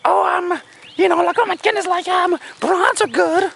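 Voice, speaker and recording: A flustered young woman, as a man puts her on, stumbling over fillers. The voice is pitched very high, far above the man's own, and comes out breathy and fussy. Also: fairly even intonation, normal speed, fairly bright tone, full character voice. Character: flustered girl reacting to a guy.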